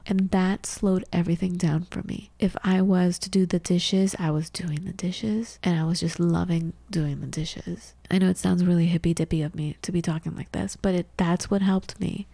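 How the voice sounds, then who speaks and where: Low gravelly woman, casual storytelling. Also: fairly even intonation, moderate pace, few pauses, dark tone, dry recording. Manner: candid, storytelling, with frequent restarts. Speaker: podcast co-host. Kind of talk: casual conversation.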